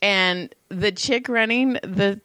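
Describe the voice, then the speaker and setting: A middle-aged woman in casual chat, telling stories with plenty of swearing and jumping into the voices of the people she quotes. Her voice sits at an ordinary pitch. It is recorded close and dry, with no room sound. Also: takes it slowly, clear, resonant tone, no echo. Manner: profane, animated storytelling with put-on quoted voices. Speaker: podcast co-host.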